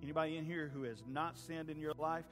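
A man preaching a sermon, swinging from hushed pleading to loud fervent peaks. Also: fairly high pitch, steady tone, fast, music in the background. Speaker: pastor. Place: church sanctuary with a congregation.

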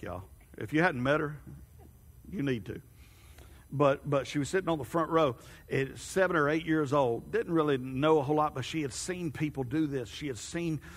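A man's voice: medium pitch, slightly rough. A middle-aged man preaching a sermon, telling stories and then pressing his points with emphasis. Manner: storytelling, rising to emphatic preaching. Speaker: pastor. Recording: long hall reverb.

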